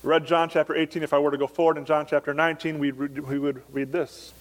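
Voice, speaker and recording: A male pastor preaching a Sunday morning sermon, earnest and emphatic, slowing down to stress key phrases. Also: on the high side, flat delivery. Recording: long church reverb.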